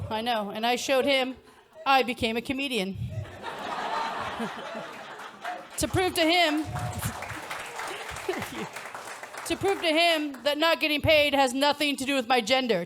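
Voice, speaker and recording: A high-pitched American woman on a comedy stage, middle-aged, with an American accent. She delivers her stand-up bits in a punchy, wry way and chuckles at her own jokes, while an audience laughs faintly in the background. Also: a little slow, long pauses, fairly bright tone, a faint crowd, slight background noise. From United States.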